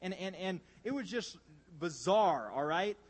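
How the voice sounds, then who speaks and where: A man preaching a sermon, animated and emphatic, swinging between loud bursts and hushed asides. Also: high-pitched, a little slow, slightly rough.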